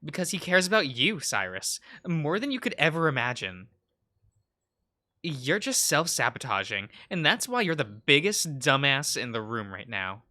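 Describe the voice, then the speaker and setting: A man's voice: mid-range voice, big pitch swings, normal speed, bright, forceful tone. A man voicing a blunt, fiery young woman florist in a visual novel read-aloud, scolding and bluntly encouraging.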